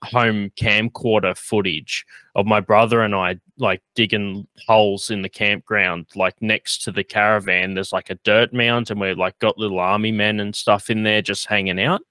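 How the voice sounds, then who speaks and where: Rambling man with a bright, forceful voice. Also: fairly low pitch, fairly even intonation, moderate pace, few pauses, dry recording. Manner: rambling, lots of fillers, laughs often. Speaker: podcast host. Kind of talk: casual chat.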